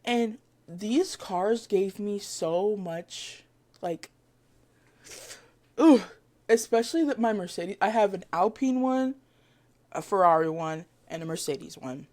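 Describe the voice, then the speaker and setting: A woman chatting casually to camera as a vlogger, excitable and rambling, with lots of fillers, giggles and self-corrections. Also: mid-range voice, measured pace. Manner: gushing fan talk with giggles.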